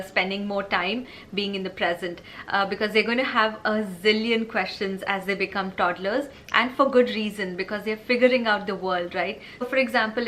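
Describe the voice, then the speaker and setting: A woman's voice: mid-range voice, bright, forceful tone, slight background noise. A woman vlogging parenting advice in a casual, earnest, explanatory way, often checking in with "right?". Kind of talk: casual advice talk to camera.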